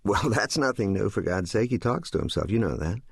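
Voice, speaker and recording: A man voicing a busy mother who answers briskly and brushes off worries. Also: lowish voice, animated, gravelly, slightly rough, no echo, clean studio sound, exaggerated voice. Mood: distracted. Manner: brisk, dismissive reassurance.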